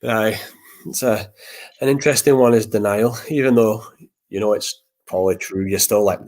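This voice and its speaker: A man's voice: on the low side, normal speed, a little mellow. A man hosting a podcast, talking casually about grief and acting out old conversations in a rambling, repetitive way. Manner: rambling, repeats words, acts out past conversations. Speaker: podcast host.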